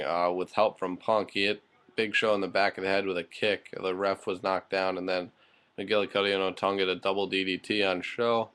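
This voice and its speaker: Very deep-voiced man rambling a recap. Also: a bit bright. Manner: rambling, many fillers; loose, offhand and blunt. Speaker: wrestling show reviewer. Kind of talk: casual spoken recap.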